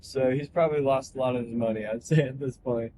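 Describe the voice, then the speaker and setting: A bartender telling a laid-back story in casual chat. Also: male voice, medium pitch, fairly even intonation, fast, dark tone, slight background noise, low-quality recording.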